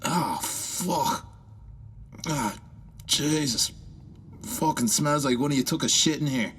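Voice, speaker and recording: An actor playing a cynical, sarcastic Dublin man with a gruff, swearing, gallows-humor delivery, heard from a game clip. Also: fairly high pitch, takes it slowly, a bit bright, heavy reverb, slight background noise, pitched above the performer's own voice. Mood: disgusted. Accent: Dublin Irish.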